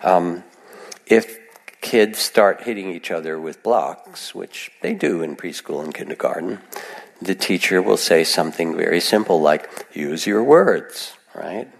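A man giving a gentle, reflective meditation talk to a live audience, chatting with many asides. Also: low-pitched, measured pace, gravelly. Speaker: meditation teacher. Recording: long hall reverb.

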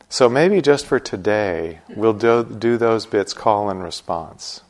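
A man guiding a meditation group before chanting, explaining patiently with gentle humor. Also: fairly low pitch, expressive, takes it slowly, few pauses. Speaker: meditation teacher.

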